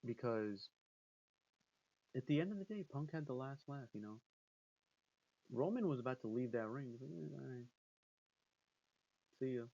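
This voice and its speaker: A man's voice: medium pitch, animated, moderate pace, pauses often, mellow, lo-fi sound. A man giving casual spoken commentary as a vlogger, rambling with restarts and acting out quotes.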